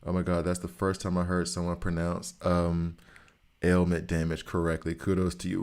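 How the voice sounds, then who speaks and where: Deep-voiced man streaming a game. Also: completely flat delivery, normal speed, darkish tone, smooth. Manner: chatty, talks to chat viewers, thinks aloud. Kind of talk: casual live-stream commentary while playing.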